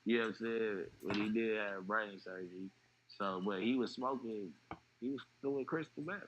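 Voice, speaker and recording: A man telling a personal story in an interview, animated and acting out what others said. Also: on the low side, normal speed, muffled recording, slight background noise. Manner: animated retelling, acting out quoted voices. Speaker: interview guest.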